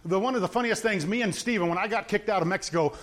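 A man's voice: high-pitched, quick pace, fairly bright tone. A middle-aged man preaching an informal sermon, telling stories with gusto, acting out the characters and laughing at them.

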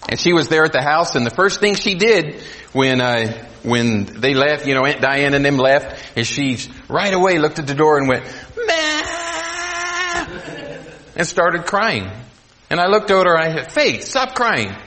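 A man preaching a sermon to a congregation, swinging between loud emphasis and quiet asides. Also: on the high side, expressive, normal speed. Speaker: pastor.

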